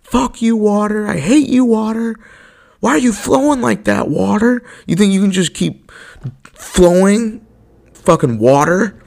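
A man putting on the voice of an irate person yelling insults at a stream, in a shrill, mocking shout. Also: unhurried, vocal fry. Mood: angry mocking.

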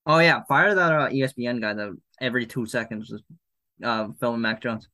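A man's voice: medium pitch, a little fast, pushed and bright. A man co-hosting a casual sports podcast, dropping wry short remarks. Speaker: podcast co-host.

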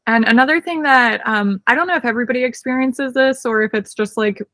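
A woman's voice: fairly high pitch, fast talker, fairly bright tone, no echo. Dry-sounding young woman dog trainer. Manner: explanatory, confident, agreeing. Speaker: dog trainer and podcast co-host. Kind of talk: casual podcast chat.

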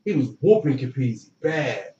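A man who played college football recounts a story with a mid-range voice at a moderate pace, slangy and lively as he performs the quotes. The sound is dull and roomy, as though from a distance.

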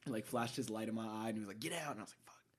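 A man's voice: flat delivery, rapid-fire. Laid-back man telling a story. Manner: storytelling, laughs often, low-key when narrating. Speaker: podcast co-host. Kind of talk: casual chat.

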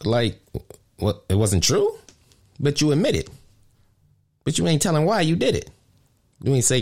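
A man hosting a podcast, ranting indignantly in casual, profane street slang, often jumping high with emphasis. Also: big pitch swings, moderate pace, long pauses, a little mellow. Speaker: podcast host.

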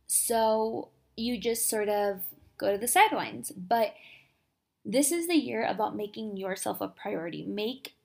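A young woman hosting a podcast, giving a casual, upbeat motivational talk full of quick asides and filler words. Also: medium pitch, animated, creaky. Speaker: podcast host.

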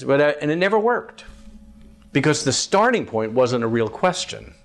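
A man's voice: a little high, big pitch swings, normal speed. A man teaching a live group about evangelism as a campus minister, chatty, asking the audience questions, with frequent ums.

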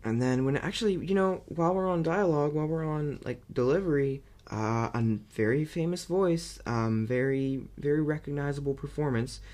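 A man giving a casual, rambling movie review, excitable and amused, full of fillers and restarts. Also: on the high side, moderate pace, hardly any pauses.

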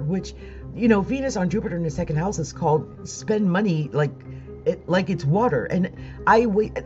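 A woman talks straight to her viewers in a loose, rambling way, breaking into nervous laughs while close to tears. Her voice sits a little low. The recording is dull and lo-fi. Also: darkish tone. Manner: emotional, rambling, laughs between phrases. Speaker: astrology vlogger. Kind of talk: casual monologue to viewers.

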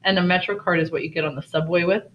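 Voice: mid-range voice, fairly even intonation, racing, natural voice. A reader voicing an impatient, teasing father who is exasperated with his wife's worrying, in a read-aloud story lesson on a dull lo-fi recording.

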